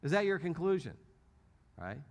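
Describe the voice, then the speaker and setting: Animated man giving a church teaching talk. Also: a little high, normal speed. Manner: animated storytelling, acts out quotes. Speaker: apologetics speaker.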